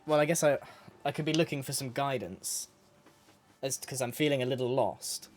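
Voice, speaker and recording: A man's voice: medium pitch, moderate pace. A man, chatting casually as a player in a tabletop game.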